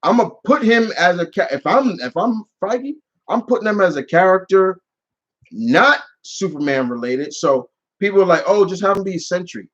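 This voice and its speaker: A man's voice: high voice, animated, moderate pace, a bit bright, highs cut off. A man casually answering viewer questions on his channel, rambling with many restarts and fillers. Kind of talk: casual live Q&A chat.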